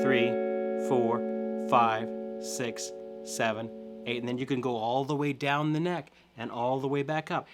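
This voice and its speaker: A middle-aged man teaching a guitar lesson step by step, encouraging and counting along, often checking in with "okay?". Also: on the high side.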